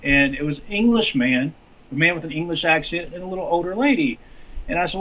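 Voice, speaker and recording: A congressional candidate from Arkansas tells a story in a casual interview, animated and full of restarts. His voice is fairly high and fairly quick, and the recording is lo-fi and dull.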